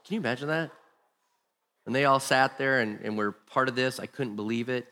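A man's voice: medium pitch, a little fast, bright, forceful tone, in a large hall. A man preaching a sermon to church leaders, telling a personal story in an earnest, emphatic way with repeated phrases. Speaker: pastor.

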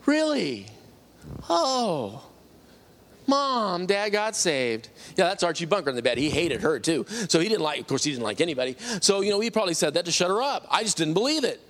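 A middle-aged man telling a personal faith testimony, animated and acting out the people he quotes. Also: on the high side, racing, hardly any pauses. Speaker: testimony speaker.

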